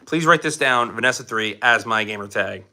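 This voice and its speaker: A man's voice: lowish voice, normal speed, sharp tone. A young man hosting a casual live stream from his home, joking as he answers chat questions.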